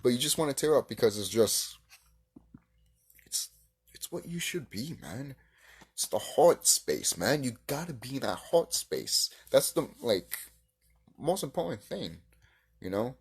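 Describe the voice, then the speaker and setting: Man reacting on his channel, husky tone, lively pitch, profane heated rant. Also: unhurried, pauses often. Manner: heated, profane, swings between shouting and hushed musing. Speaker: video creator reacting to a clip. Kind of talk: ranting reaction commentary.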